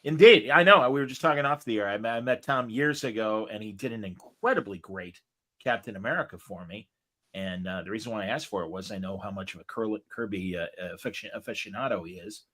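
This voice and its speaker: A man hosting a casual interview show, chatty and enthusiastic, often pausing on fillers as he talks. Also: lowish voice, sharp tone. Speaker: host.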